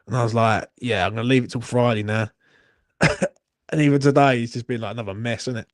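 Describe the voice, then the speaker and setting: Sweary bloke rambling on a stream. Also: male voice, mid-range voice, steady tone, fast, dry recording, clean studio sound. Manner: rambling, sweary, self-mocking banter. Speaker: watchalong host. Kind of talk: casual live-stream chat. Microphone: phone.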